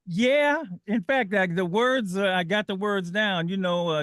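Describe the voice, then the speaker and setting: A man with a high, bright voice hosts a call-in radio show. He talks in an animated way, reads quotes aloud and laughs often. The sound is dry and close on a studio mic. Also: measured pace, no echo.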